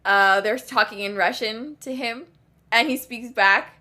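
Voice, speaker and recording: A woman's voice: a little high, a little slow, pushed and bright. A young woman co-hosting a podcast, chatting casually and filling her talk with "like" as she retells scenes. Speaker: podcast co-host. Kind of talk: casual chat.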